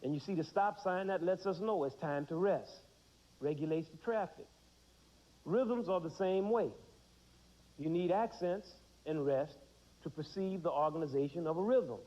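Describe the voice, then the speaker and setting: A man's voice: fairly high pitch, normal speed, mellow. A man in his thirties teaching a music lesson to children, asking the class questions and answering them himself. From United States. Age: 30s. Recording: dull 1990s TV broadcast.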